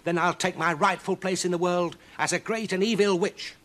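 A man doing a shrill flustered witch. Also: fairly even intonation, normal speed, a bit bright. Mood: eager shrill. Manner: shrill, squeaky and fussy. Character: flustered, cross little failed witch woman.

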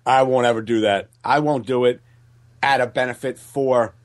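A man co-hosting a comedy podcast, laughing often and adding quick jokes to the conversation. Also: medium pitch, steady tone. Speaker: podcast co-host. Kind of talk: casual comedic chat.

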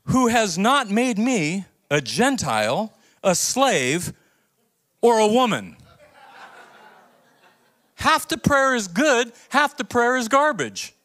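A man pastor preaching a sermon, telling a story with acted-out quotes and building to emphatic, near-shouted points. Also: on the high side. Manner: animated storytelling, acts out quoted voices.

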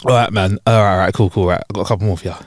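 A man's voice: lowish voice, steady tone, very fast, dry recording. A man hosting a comedy podcast, chatting in slang and reading jokes aloud. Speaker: podcast host. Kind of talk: casual chat and joke reading.

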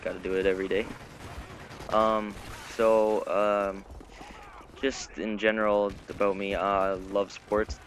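A man's voice: on the low side, level tone, measured pace. An eighteen-year-old man from Canada giving laid-back gaming commentary with lots of ums and uhs. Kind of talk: casual gameplay commentary. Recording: gunfire noise from game audio.

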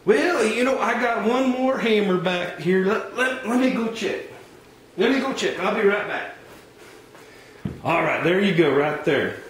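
A man's voice: sits high, animated, measured pace, echoey room, a little hiss or hum, pitched above the performer's own voice. A man doing a cocky hardware salesman. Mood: boastful. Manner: drawling, condescending, boastful. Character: pushy folksy male hardware salesman, overconfident.

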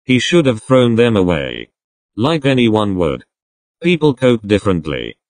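A man's voice: lowish voice, wildly swooping pitch, measured pace, a little mellow, no room sound. A man voicing a blunt, protective young man who talks in a bossy, teasing, crude way. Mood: stern.

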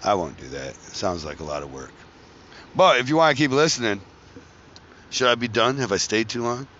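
Bright-voiced man rambling jokingly. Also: fairly low pitch, animated, brisk, slight background noise. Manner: joking, profane, wanders between tangents. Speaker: podcast host. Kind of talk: casual rambling monologue. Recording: dull lo-fi recording.

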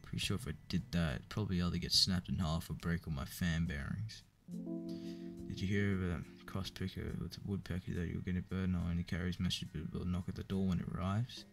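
A young man in a mock-dramatic comedy rant, sardonic and swearing, with sudden loud bursts. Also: sits low, fairly even intonation, brisk, vocal fry, faint music behind. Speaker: comedy YouTuber.

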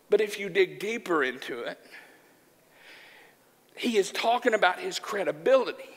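A man from Arkansas preaching a sermon in a church, joking in a folksy, animated way. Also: high voice, a little slow, long pauses, slight background noise. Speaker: pastor. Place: church sanctuary. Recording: church hall with long reverb.

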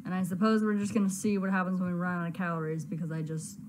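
A woman's voice: on the low side, flat delivery, fast talker, over music. Flustered woman narrating her gameplay. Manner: flustered, exclaiming, stammering. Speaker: gaming video host. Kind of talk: casual let's-play commentary.

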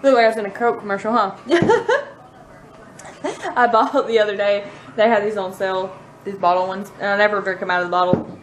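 A woman in her thirties with a Southern US accent chats to her camera in her living room as a mom vlogger, rambling and laughing often. She speaks fairly quickly at a medium pitch with little pitch movement, and there's slight background noise.

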